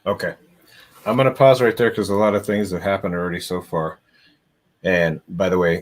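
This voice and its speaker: Low-voiced man rambling on a livestream. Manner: rambling, easygoing, heavy on fillers; chatty, thanks viewers by name. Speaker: paranormal livestream host. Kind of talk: casual livestream chat. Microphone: computer microphone on a live stream.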